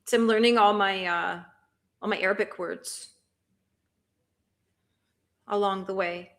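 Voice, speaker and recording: A woman's voice: mid-range voice, steady tone, unhurried, vocal fry, fairly bright tone. A woman hosting a cozy productivity livestream, chatting casually and answering viewer comments with lots of questions and frequent laughter. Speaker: livestream host.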